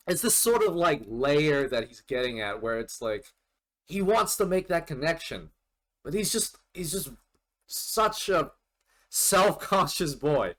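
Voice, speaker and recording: A man giving casual commentary in an anime reaction video, talking in a rambling, animated way with some casual swearing. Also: on the high side, a little slow.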